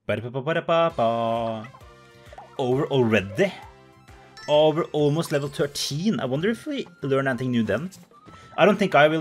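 A man's voice: on the high side, a bit bright. A man commentating a video game in a playful, bubbly way, gasping and making silly sound effects. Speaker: let's play host.

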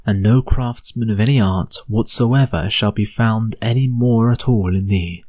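Measured low-voiced English man reading scripture. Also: mellow, no echo. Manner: measured, deliberate phrasing. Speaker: audiobook narrator.

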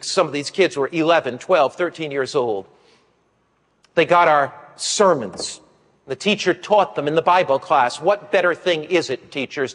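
An older man preaching a sermon, an animated storyteller who acts out the voices of children and other people in his stories. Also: high voice. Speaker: pastor. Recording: long hall reverb.

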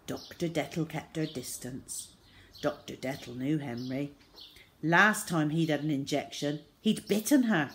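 A woman reading a children's storybook aloud, expressive and dramatic. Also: low voice, a little slow, slight background noise.

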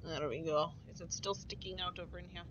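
A woman's voice: fairly low pitch, fairly even intonation, a little fast, muffled recording, heavy background noise. A woman streaming a game in rambling, giggly casual chat, swearing freely as she goes. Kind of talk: casual chat while playing.

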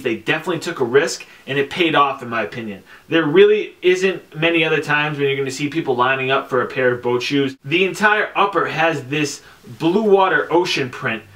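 A young man talking casually on camera about his sneaker collection, chatty and relaxed, with lots of fillers and slang. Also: fairly high pitch. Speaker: sneaker vlogger. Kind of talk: casual product review.

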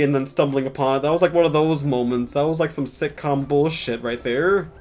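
A man's voice: a little high, fairly even intonation, normal speed, darkish tone, soft background music. Chatty, sarcastic young man streaming. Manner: chatty, sarcastic, swears often, mock-dramatic asides. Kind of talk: casual gameplay commentary.

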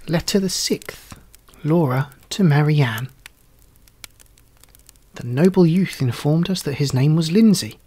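A male storyteller reads a classic tale aloud in a measured, theatrical style that suits period prose. His pitch is fairly high and his tone darkish, with a breathy edge.

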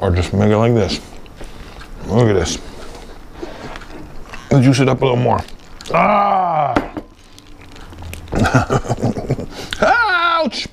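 A man's voice: fairly low pitch, warm tone, a little hiss or hum. Playful man chatting through a cooking demo. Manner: playful, chatty, talks to viewer while eating. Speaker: home cooking vlogger.

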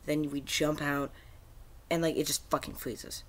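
A gaming video creator with a slightly high voice vents about a video game in an angry rant, keeping a level tone and a measured pace. He swears constantly and rambles, full of fillers and restarts.

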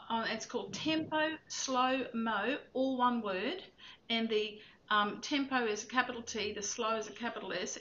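Bright, chatty woman piano teacher. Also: a little high. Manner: chatty, rambling, sharing practical tips. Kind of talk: online teaching webinar. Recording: dull lo-fi sound with faint noise.

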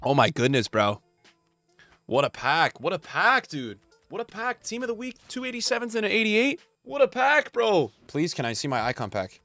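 A man's voice: medium pitch, lively intonation, moderate pace, a bit bright, no echo, studio quality, faint music behind. A young man streaming a pack opening, hyped and chatty, talking straight to his chat. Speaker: gaming streamer.

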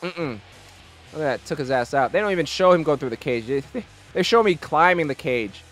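Wybuchowy młody mężczyzna komentujący grę, wysoki głos, ciche tło muzyczne. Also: male voice, a little high, a little fast, faint music behind. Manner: excitable, profane, reacts loudly. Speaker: gaming YouTuber. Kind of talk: casual gameplay commentary.

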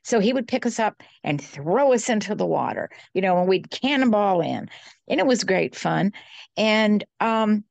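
An older woman telling a personal story as an interview guest, earnest and unhurried, with small restarts. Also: mid-range voice, lively intonation, creaky, no echo.

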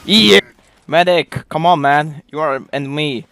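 A man giving excited gameplay commentary as a streamer, exclaiming and reacting loudly, in broken non-native English. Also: fairly high pitch, slow, vocal fry. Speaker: game streamer.

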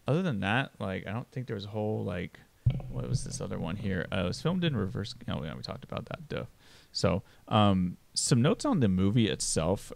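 Male podcast host, very low gravelly voice, dry close sound, loose rambling delivery. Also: dry recording. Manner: rambling, many fillers. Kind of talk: casual movie review.

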